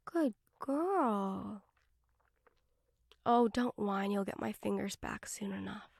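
A woman's voice: medium pitch, little pitch movement, moderate pace, creaky, a little mellow, no room sound, clean studio sound. A woman performing an adult audio role-play as a bossy roommate, teasing and giving orders, often dropping to a whisper.

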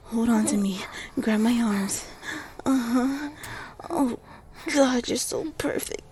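A sultry, commanding lover with a mellow, dark tone, voiced by a woman. She speaks slowly and breathily, slipping into whispers as she coaxes and directs in an intimate audio role-play. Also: a little high, slight background noise. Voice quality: breathy, often whispered, moaning. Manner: slow, coaxing and directive.

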